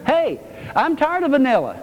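A man's voice: very high-pitched, huge pitch swings, normal speed, highs cut off. A male pastor preaching a sermon to his congregation, emphatic and repetitive. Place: church. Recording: reverberant church hall.

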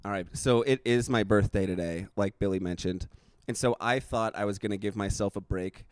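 A man's voice: fairly low pitch, fairly quick, clear, resonant tone, no echo. A young man co-hosting a podcast, chatting casually, laughing, and slipping into silly voices when he tells stories. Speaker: podcast co-host. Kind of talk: casual chat.

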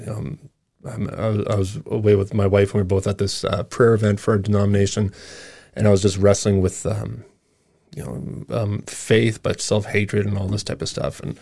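Lively low-voiced man telling stories. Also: creaky, dry recording, studio quality. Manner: animated storyteller, quick laughs. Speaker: podcast guest. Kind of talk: casual conversation.

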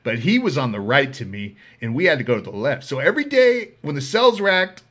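A man hosting a podcast, telling comedic stories in a loud, profane, laughing way. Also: a little high, very animated, fairly quick. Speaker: podcast host. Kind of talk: comedic storytelling.

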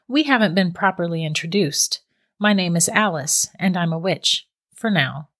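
Casting: cool, teasing witch captor, read by a woman in a storybook; lowish, unhurried, quietly amused. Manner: calm, matter-of-fact and mocking. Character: cold, teasing middle-aged female witch captor. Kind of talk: storybook reading.

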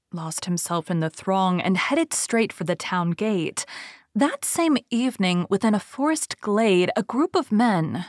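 Female audiobook narrator: steady, even storytelling, low pitch, dry sound. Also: no room sound.

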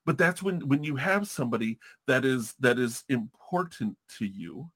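A man's voice: mid-range voice, lively intonation, moderate pace, a bit bright. A man hosting a casual podcast chat, talking candidly and profanely, rambling through restarts.

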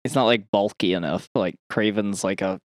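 A man's voice: lowish voice, normal speed, no room sound, clean studio sound. A man chatting casually as a podcast guest, easygoing and chuckling. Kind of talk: casual chat.

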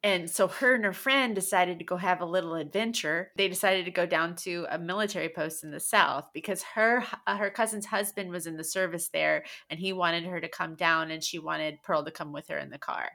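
A woman's voice: fairly low pitch, a little fast, gravelly, hardly any pauses, bright, forceful tone. A woman co-hosting a podcast, telling a story in casual chat and laughing often. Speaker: podcast co-host.

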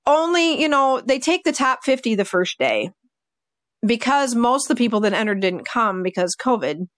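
A woman dog trainer telling stories in a casual podcast chat, animated and full of fillers. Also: on the high side, normal speed, no echo, clean studio sound. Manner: chatty, animated, with many fillers like "like" and "you know".

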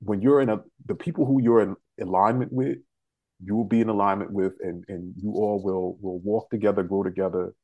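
A man's voice: fairly low pitch, steady tone, fairly quick, no echo, phone-quality sound. A man hosting an interview show, chatting casually and emotionally, laughing often. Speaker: podcast host.

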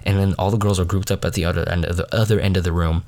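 A young man tells a late-night podcast story in a loose, rambling way. His voice sits low and he fills it with constant fillers. He pokes fun at himself and sounds a little sniffly. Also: flat delivery, very fast, a little mellow. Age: young adult. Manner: rambling, full of "like" fillers, self-mocking. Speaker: podcast host.

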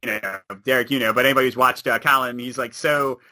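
A man chatting as a podcast guest, animated and laughing often. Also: mid-range voice, quick pace, background noise. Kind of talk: casual chat.

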